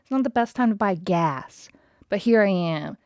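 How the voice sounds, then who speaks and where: Woman in her thirties, podcast host, ranting, swears a lot, exasperated, middle pitch, dry close sound. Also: animated, moderate pace, a little mellow, no echo. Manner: profane, exasperated, talks straight to listeners. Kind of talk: casual storytelling rant.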